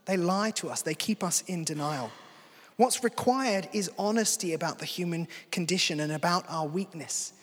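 A man's voice: high voice, moderate pace, a bit bright. A man preaching a sermon in a conversational, earnest way. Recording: long hall reverb.

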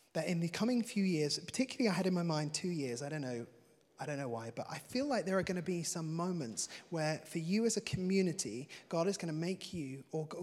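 A high-voiced, slightly husky man preaches in an earnest, chatty way, laughing lightly between points. His voice rings out with the long reverb of a large hall. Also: a little mellow. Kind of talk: sermon.

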